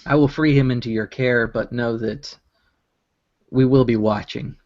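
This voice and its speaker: A man's voice: mid-range voice, fairly even intonation, unhurried, a little mellow, no room sound, lo-fi sound, lightly acted. A man voicing a stern loyal tribal lieutenant. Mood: solemn.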